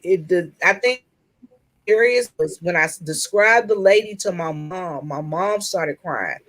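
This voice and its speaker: A woman in a casual group chat telling a personal story in an earnest, open way, pausing and restarting as she goes. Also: on the low side, a bit bright, low-quality recording. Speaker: chat room participant.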